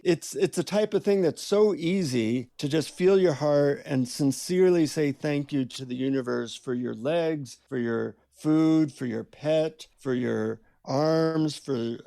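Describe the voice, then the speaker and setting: A man being interviewed as an author, telling stories in an animated, self-mocking way and laughing as he goes. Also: medium pitch, creaky, no echo, studio quality. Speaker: author and guest. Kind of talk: conversational storytelling.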